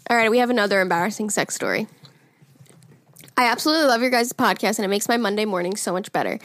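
A woman's voice: mid-range voice, quick pace, a bit bright, dry recording. A woman in her twenties with a New York accent, co-hosting a casual podcast, telling stories and reading listener emails, laughing often and swearing freely. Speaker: podcast co-host.

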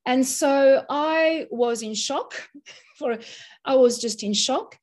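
A woman in her sixties from Australia, a mental health first aid teacher, telling a personal story in an interview in an earnest, emotional, halting way. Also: high voice, darkish tone.

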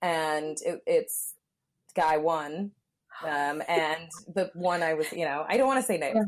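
A woman's voice: deep voice, unhurried. A woman from Southern California telling a frank personal story in casual podcast chat, full of filler words and acted-out quotes. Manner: candid, frequent "like" fillers, acts out quotes. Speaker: comedian guest.

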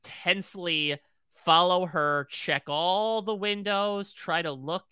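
Man, podcast co-host, crisp voice, dry sound, animated scene-by-scene retelling. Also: high-pitched, takes it slowly, dry recording. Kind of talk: TV recap podcast discussion.

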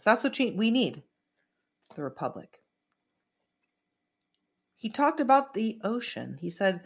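A middle-aged woman from California hosting an online show, giving a rambling, emphatic commentary monologue full of asides. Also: medium pitch. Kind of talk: casual political commentary monologue.

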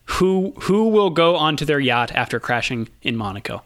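A man hosting a casual podcast chat, relaxed, laughing easily and filling pauses with ums and uhs. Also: fairly high pitch, dry recording. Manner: relaxed, laughs often, many fillers. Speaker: podcast host.

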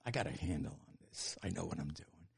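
An older man telling stories as an interview guest, animated and laughing, with casual swearing. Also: low voice, fast, creaky, breathy edge. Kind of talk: storytelling in an interview.

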